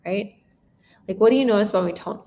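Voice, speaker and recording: A woman giving a live sales training talk, very expressive, shifting her tone and emphasis and checking in with frequent rhetorical questions. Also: medium pitch, fast talker. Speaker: sales coach.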